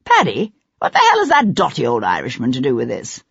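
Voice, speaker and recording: A man's voice: medium pitch, wildly swooping pitch, brisk, vocal fry, fairly bright tone, slightly rough, no room sound, pitched below the performer's own voice, full character voice. An audiobook reader voicing a nervous, snappish male actor under suspicion, in a dry, slightly dull recording. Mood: defensive. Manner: snappish, defensive.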